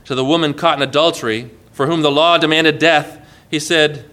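A man preaching a sermon in an earnest way, often dropping soft and low as he quotes. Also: fairly even intonation, normal speed, few pauses.

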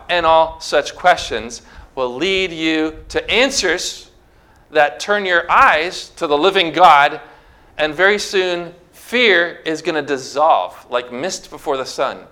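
A male pastor delivering a sermon with a bright, forceful voice pitched a little above the usual. He preaches emphatically, building to near-shouts as he drives his points home.

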